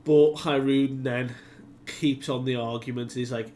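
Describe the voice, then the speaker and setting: A man's voice: medium pitch, steady tone, unhurried, mellow, a little hiss or hum. A man hosting a casual comic chapter recap, chatty and full of fillers, who acts out the characters' lines. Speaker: manga discussion video host.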